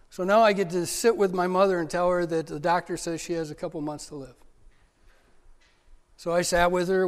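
Impassioned man preaching in a reverberant hall. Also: a little high. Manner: impassioned preaching with repeated restarts, dropping to a soft personal tone. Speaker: pastor. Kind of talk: sermon.

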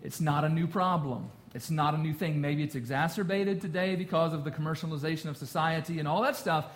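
A man's voice: a little high, fairly even intonation, fairly quick. A man in his thirties preaching a casual, jokey sermon to a congregation. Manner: jokey, conversational, quotes song lyrics. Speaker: pastor.

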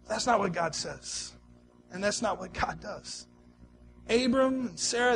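A male pastor delivering a sermon in a conversational, storytelling way, swinging between soft, quiet stretches and emphatic ones. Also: sits high, expressive, measured pace, vocal fry.

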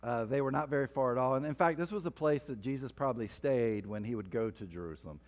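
A man's voice: medium pitch, fast. A man preaching a sermon, reading scripture and breaking off for playful asides. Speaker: pastor. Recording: long reverb of a large hall.

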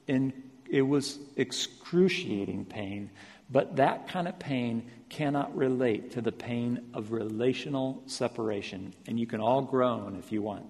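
A man preaching a sermon, repeating phrases with rising emphasis and then dropping to a quiet, slow delivery. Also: mid-range voice. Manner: builds to loud emphatic repetitions, then drops soft and slow. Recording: long reverb of a large hall.

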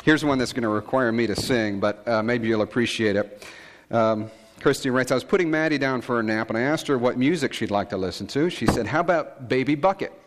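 A male pastor preaching a conversational sermon, telling stories in a relaxed way with frequent fillers and asides. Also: mid-range voice, brisk, big-room sound.

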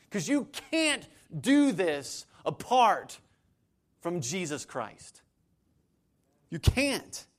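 A man preaching a sermon as pastor, building to forceful emphasis and acting out the objections of imagined listeners. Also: sits high, very animated, extremely slow, long pauses.

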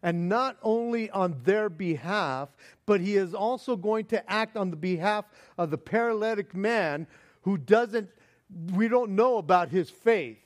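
High-voiced animated male preacher. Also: unhurried. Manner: animated, swings between booming and hushed; repeats words, restarts. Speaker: pastor. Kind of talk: sermon.

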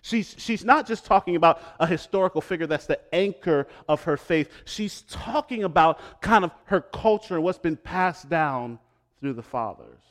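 A middle-aged male pastor preaching a sermon, swinging between loud emphatic lines and hushed quiet ones. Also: fairly high pitch, lively intonation, normal speed.

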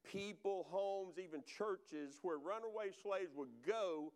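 A man's voice: sits high, measured pace, hardly any pauses, darkish tone. A man preaching a sermon, talking conversationally to the congregation and repeating phrases for emphasis. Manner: addresses congregation and online viewers directly. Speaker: pastor.

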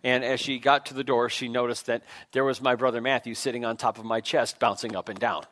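A man's voice: mid-range voice, steady tone, a little fast, fairly bright tone. A man, a pastor, preaching a sermon in a church in a conversational, self-deprecating way, with frequent fillers and restarts. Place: church sanctuary.

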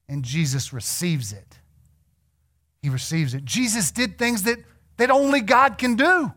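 Animated high-voiced male preacher. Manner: animated storytelling, acts out biblical figures; drops to a hushed low voice for emphasis. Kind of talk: sermon.

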